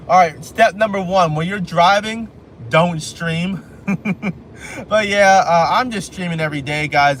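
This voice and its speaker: A man's voice: on the high side, fairly bright tone. A man live streaming while he drives, rambling casually and joking at himself. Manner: rambling, self-joking, repeats phrases. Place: inside a car on a highway. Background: faint road and car noise.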